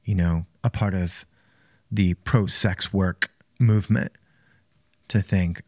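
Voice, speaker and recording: Male podcast host, very low voice, thoughtful and measured, dry sound. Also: fairly even intonation, no room sound. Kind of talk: interview conversation.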